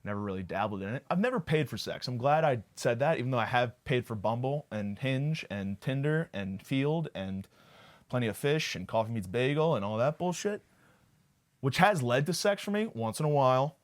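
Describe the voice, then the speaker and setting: A man's voice: mid-range voice, lively intonation, moderate pace. A young man hosting a podcast, rambling through a profane, self-deprecating comedic monologue. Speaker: podcast host.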